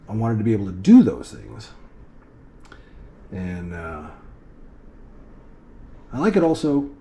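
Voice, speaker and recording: A man's voice: on the low side, mellow, a little hiss or hum. A middle-aged man, an airline pilot, talking earnestly and reflectively to his daughters in a loosely rambling vlog monologue.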